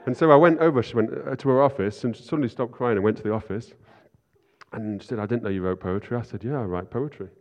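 Man, informal sermon, rapid self-deprecating delivery, reverberant church hall. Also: mid-range voice, darkish tone, dull audio. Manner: chatty and self-deprecating, asks "right?" often. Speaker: preacher.

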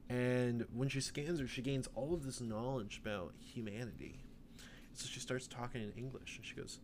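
Rambling man pitching a silly movie plot. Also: a little mellow, a little hiss or hum. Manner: rambling, many fillers, acts out quoted lines. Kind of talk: casual comedic storytelling, pitching a made-up film plot.

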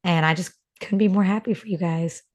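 A podcast co-host, this young North Carolina woman has a fairly low pitch and talks a little fast. She chats casually and emotionally, telling stories full of "like" fillers.

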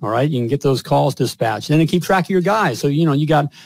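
A man's voice: fairly high pitch, animated, fast talker, rough recording. A man hosting a podcast with boastful, hyped energy and lots of fillers. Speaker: podcast host.

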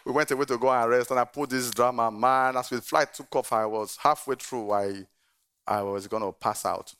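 Brief: middle-aged male pastor, bright, gravelly voice, lively preaching delivery. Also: mid-range voice, normal speed. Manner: animated storytelling, often laughing. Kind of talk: sermon.

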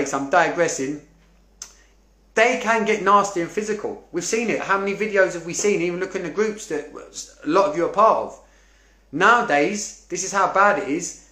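A man's voice: high voice, a bit bright, reverberant. A man in a passionate casual monologue, swearing and digressing as he speaks.

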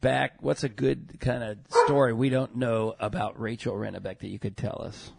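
A man's voice: mid-range voice, steady tone, normal speed, creaky, heavy background noise. A man co-hosting a podcast, chatting casually and teasing his guests with jokes. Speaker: podcast co-host. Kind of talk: casual chat.

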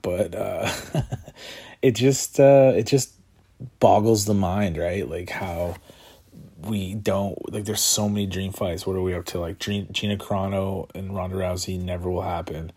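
A man talks on his own in a casual, rambling way, his voice very low and husky. He sounds tired and yawns, stacks fillers and restarts, and chuckles to himself now and then. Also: dark tone. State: tired, yawning. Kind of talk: casual solo talk about combat sports.

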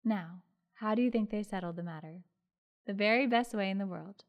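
A woman's voice: medium pitch, moderate pace, lo-fi sound. Woman narrating a classic storybook. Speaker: audiobook narrator. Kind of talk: audiobook reading of a classic story.

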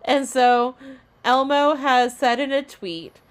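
A woman co-hosting a podcast, telling a story in casual chat, giggling often and acting out lines in a squeaky voice. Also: slow, smooth. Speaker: podcast co-host.

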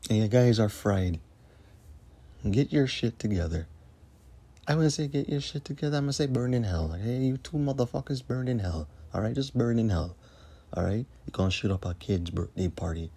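A man delivers a furious, profanity-laden podcast rant. His voice is dark and husky, sitting at an ordinary pitch. He hammers the same lines over and over. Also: lively intonation, fairly quick. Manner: angry, repetitive, cursing. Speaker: podcast host. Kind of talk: profane ranting monologue.

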